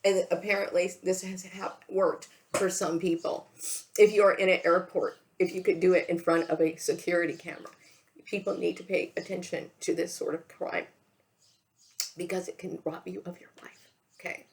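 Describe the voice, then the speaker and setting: A woman talking straight to camera in a halting, emotional monologue, repeating herself, stopping to say okay, and fighting back tears. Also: lowish voice, little pitch movement, slight background noise. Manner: halting, repeats words, often says okay. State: tearful, emotional. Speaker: vlogger.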